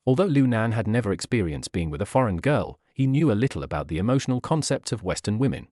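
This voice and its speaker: A man reading a web novel aloud as a narrator, at an even, steady pace with little change between characters. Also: on the low side, fast, no room sound, clean studio sound.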